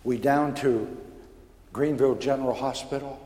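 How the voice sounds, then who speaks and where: A man preaching a personal testimony, telling his story in a stammering, animated way that builds in excitement. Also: mid-range voice, moderate pace. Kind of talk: sermon testimony. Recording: echoey hall with long reverb.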